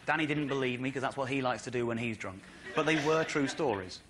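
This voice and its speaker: An English man tells a long comic story to a studio audience in an animated, rambling way, with comic exasperation. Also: mid-range voice, fast, a little hiss or hum. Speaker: comedian.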